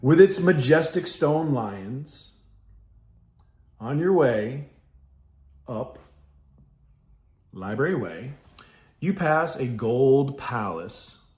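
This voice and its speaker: A man from New York hosts a reflective podcast in a blunt, salty way, laughing often and reading passages aloud between his own remarks. His pitch swings widely as he talks. The room around him rings with echo. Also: animated, drawn-out words, pauses often, a little mellow. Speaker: podcast host. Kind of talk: reflective casual monologue with read passages. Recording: roomy echo.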